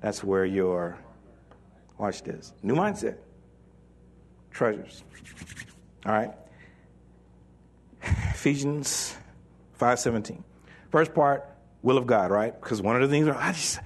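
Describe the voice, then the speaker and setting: A male pastor preaching a sermon in an animated, joking way, reading scripture and acting out the voices of doubters. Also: mid-range voice, slow pace, long pauses.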